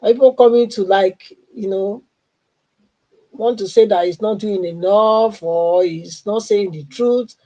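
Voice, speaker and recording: Slow-talking woman with a mellow voice. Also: mid-range voice, poor audio. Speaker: livestream guest.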